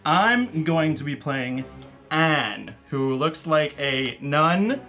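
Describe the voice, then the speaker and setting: A man's voice: fairly high pitch, lively intonation, extremely slow, sharp tone, soft background music. A man hosting a casual board game stream, explaining the rules in a rambling, easygoing way. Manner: rambling, restarts often, laughs along.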